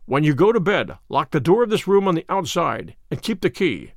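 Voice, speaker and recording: A man reading aloud, voicing a sharp, commanding detective with a crisp, authoritative manner. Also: fairly high pitch, sing-song, moderate pace, no room sound, clean studio sound.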